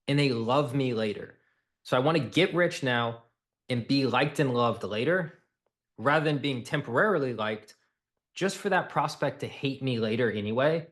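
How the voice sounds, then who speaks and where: A man coaching salespeople, talking bluntly and with emphasis. He hammers points home by repeating them, and his voice sits at an ordinary middle pitch. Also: moderate pace, a bit bright.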